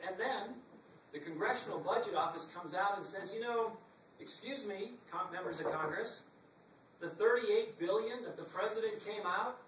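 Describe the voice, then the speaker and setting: A man's voice: sits high, fairly bright tone, distant mic, slight background noise. A middle-aged man giving a campaign stump speech in a packed meeting room, emphatic and rhetorical with wry asides. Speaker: political speaker. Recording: echoey room, recorded from afar.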